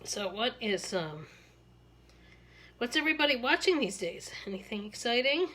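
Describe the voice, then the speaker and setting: A woman's voice: fairly high pitch, animated, normal speed, sharp tone. A woman with a Maryland accent chatting casually and rambling, laughing often as she styles her hair. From Maryland, USA. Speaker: beauty vlogger. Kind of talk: casual chat while styling hair.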